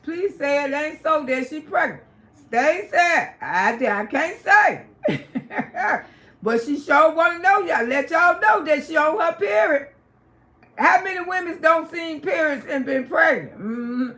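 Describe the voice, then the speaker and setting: Brief: a high-pitched woman hosting a live gossip stream, loud and cussing. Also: lively intonation, slow. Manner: loud, emphatic, profane ranting. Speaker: livestream host.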